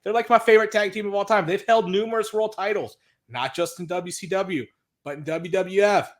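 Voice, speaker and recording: A man's voice: sits high, a little fast. A man co-hosting a wrestling podcast, recapping an old episode in a blunt, exasperated, often profane way. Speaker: podcast co-host. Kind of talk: casual chat recapping wrestling.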